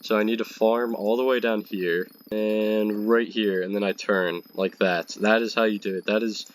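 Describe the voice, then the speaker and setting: Sick young guy w a stuffy nose, kinda low voice, just rambling chatty while he plays. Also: steady tone, moderate pace. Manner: rambling, chatty, self-mocking. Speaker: gaming video creator. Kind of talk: casual commentary while playing a game.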